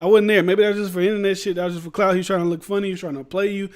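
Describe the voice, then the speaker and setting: A man's voice: high voice, level tone, racing, smooth. A man hosting a podcast, giving blunt, rambling commentary in slangy street talk. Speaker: podcast host. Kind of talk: casual commentary.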